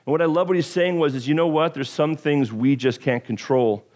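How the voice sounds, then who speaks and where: A man preaching a sermon, animated and joking, with self-deprecating asides and frequent stumbles and restarts. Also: fairly high pitch, brisk. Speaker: pastor.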